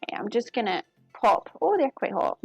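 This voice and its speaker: A woman's voice: a little high, very animated, a little fast, creaky, breathy edge, no room sound, highs cut off, soft background music. Woman, cooking streamer, chatty and giggly, close dry sound. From United Kingdom. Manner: chatty, giggly, talks to viewers while working. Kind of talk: casual live-stream chat while cooking. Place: home kitchen.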